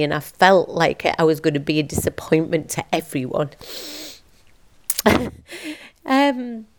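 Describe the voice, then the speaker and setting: A woman in her fifties, a business owner and teacher, speaking to camera in an emotional, halting, heartfelt way. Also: deep voice. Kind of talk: personal confessional vlog.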